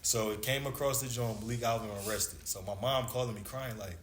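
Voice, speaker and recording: Mid-range and fast, with few pauses, the voice belongs to a laid-back former basketball player in his thirties telling a long, slangy story. He acts out the dialogue, and the echoey room carries faint background noise.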